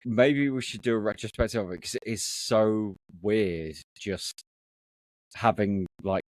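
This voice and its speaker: A British man with a somewhat low voice talks in a loose podcast chat. He is blunt and sweary and often restarts his sentences. The recording is dry with no room sound. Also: unhurried, a little mellow, dry recording. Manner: blunt, sweary, self-correcting. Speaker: podcast co-host. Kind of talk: casual chat.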